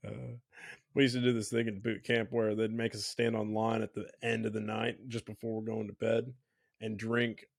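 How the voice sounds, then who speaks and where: A man hosting a casual podcast chat, easygoing and quick to laugh. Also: lowish voice, level tone, vocal fry, no echo, clean studio sound. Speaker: podcast host.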